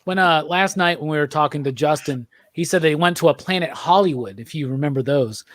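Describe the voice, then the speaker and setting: A man hosting a casual movie podcast, talking quickly and laughing, with casual swearing. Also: on the high side, fairly bright tone, no room sound. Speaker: podcast host. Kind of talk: casual chat.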